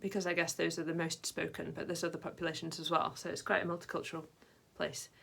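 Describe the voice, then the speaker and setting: A woman's voice: lowish voice, little pitch movement, fast, vocal fry, a bit bright, husky. A woman vlogging in a casual, rambling way, full of fillers and side tangents. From Britain. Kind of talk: casual chat to camera.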